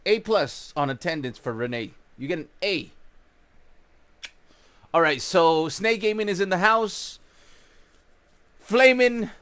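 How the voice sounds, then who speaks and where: A man hosting a gaming livestream in casual chat, chatty and greeting viewers by name, his voice a bit rough from just waking up. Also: high voice, a bit bright.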